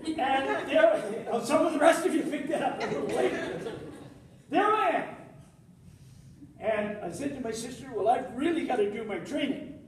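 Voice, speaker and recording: An older man with a high, lively voice delivers a humorous speech, acting out what each person says. He sounds distant, and a big hall echoes around him. Faint noise sits behind his voice. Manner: storytelling with lively acted quotes. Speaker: contest speaker. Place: large hall with an audience. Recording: echoey hall, speaker far from mic.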